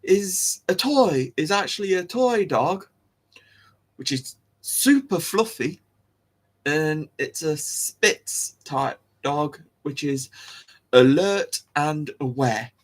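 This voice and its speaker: A man hosts a loose, chatty talk, talking slowly and stopping to restart his sentences. His voice sits a little higher than most men's. He chuckles to himself as he wanders from point to point. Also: lively intonation. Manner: rambling, giggly, many restarts. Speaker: host. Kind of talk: casual solo talk about dog breeds.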